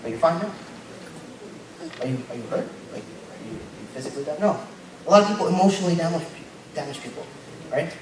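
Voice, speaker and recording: A young man giving a casual, joking sermon as a lay preacher, tagging his points with quick asides. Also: a little high, expressive. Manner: informal and joking, tags lines with "right?". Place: church hall. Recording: very echoey church hall, mic far off. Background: congregation noise.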